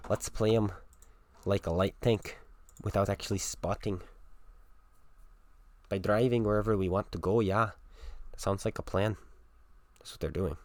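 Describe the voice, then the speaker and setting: A man with a fairly low voice talks through his tank battles as a livestream commentary. He is sarcastic and exasperated with his teammates, speaking into a desk microphone. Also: normal speed, pauses often, dry recording. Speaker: game streamer. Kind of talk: casual gameplay commentary.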